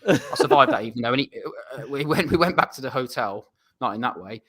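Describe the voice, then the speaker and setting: Young English footballer guest, casual storyteller, ordinary mid pitch. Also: male voice, expressive, fast, fairly bright tone. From England. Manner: rambling anecdotal, self-deprecating.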